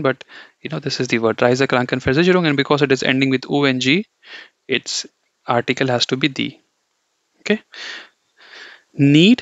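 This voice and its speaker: A man's voice: a little high, fairly bright tone, no room sound. A man teaching an online German lesson, explaining step by step with frequent checks like "okay" and "you know". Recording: dull, lo-fi dry recording.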